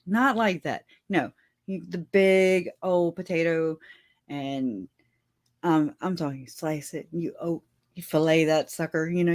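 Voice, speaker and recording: A woman's voice: lowish voice, a little mellow. A woman hosting a casual livestream, chatting with her viewers and laughing often as she talks. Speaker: livestream host.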